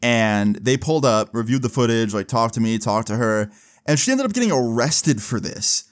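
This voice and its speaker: A man's voice: medium pitch, animated, normal speed. A young man in a mid-range voice tells a personal story in a loose, casual way. He swears freely and leans on fillers as he talks. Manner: casual, profane, lots of fillers.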